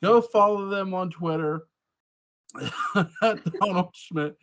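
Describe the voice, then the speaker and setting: A man hosting a casual podcast over a remote call, animated and laughing, swearing casually as he tells stories. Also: high voice, slow pace. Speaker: podcast host.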